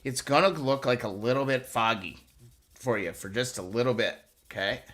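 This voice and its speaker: Hosting a motorcycle restoration live stream, a man chats casually with viewers and coaches them step by step while he works. His mid-pitched voice is bright and forward, and he talks at a normal speed in an upbeat, chatty way.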